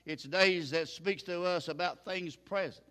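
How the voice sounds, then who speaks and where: A man's voice: high voice, unhurried, bright, forceful tone. An older man preaching a sermon in a folksy, plain-spoken way, chuckling now and then.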